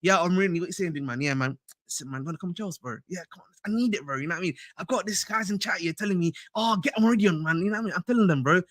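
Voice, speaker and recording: A young man chatting casually on a livestream, slangy and excitable as he talks to his chat. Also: sits high, racing, no echo, clean studio sound. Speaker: fan channel livestreamer.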